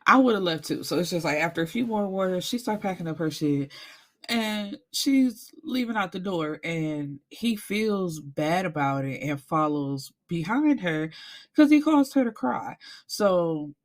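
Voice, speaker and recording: Lively woman recapping a book. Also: on the low side, a little slow. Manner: animated storytelling, acts out characters, swears freely. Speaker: book reviewer.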